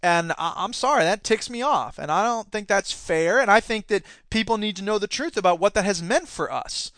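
High, bright-voiced man ranting sarcastically. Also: expressive, normal speed, no echo. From Wisconsin. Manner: sarcastic, indignant, laughs at his own jokes. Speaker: podcast host; teacher union member. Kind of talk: casual political rant.

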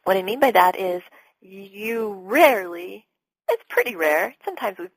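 Middle-aged woman coach on a podcast, kinda husky, animated, dry close sound. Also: mid-range voice, moderate pace, no room sound, rough recording. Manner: animated, acts out sales calls with clients. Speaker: business coach guest. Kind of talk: podcast interview talk.

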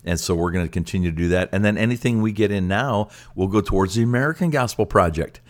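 An older man with a very low, deep voice, chatting on a ministry podcast. He tells his stories with lively excitement, tripping over repeated words as he builds up. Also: fast. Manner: animated storyteller with stammered restarts. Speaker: ministry director and co-host. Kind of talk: casual podcast chat.

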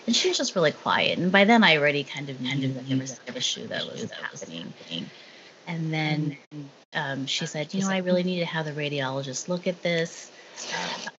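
A woman candidly recounting a personal experience in casual conversation, halting with fillers and restarts. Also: low-pitched, a bit bright. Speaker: guest sharing her story. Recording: dull lo-fi sound with faint noise.

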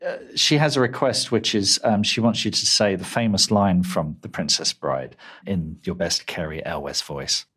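A man from London co-hosting a casual podcast chat, chatty and quick to laugh. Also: deep voice, a bit bright, breathy edge. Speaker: podcast co-host.

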